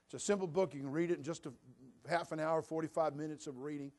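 A man's voice: a little high, fairly even intonation, fast talker, a little mellow. A man preaching a sermon to his church, telling a story in a conversational way. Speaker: pastor. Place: church sanctuary.

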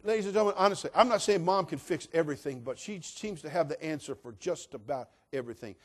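Brief: male pastor, higher-pitched voice, folksy and emphatic, sermon delivery. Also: quick pace. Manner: folksy, emphatic, swinging from hushed to loud.

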